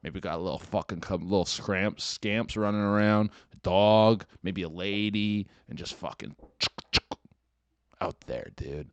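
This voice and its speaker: A man's voice: low voice, a little slow, dry recording. A young man hosting a podcast, riffing through a profane, rambling comedic monologue. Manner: profane, rambling and animated, slips into mocking voices. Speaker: podcast host.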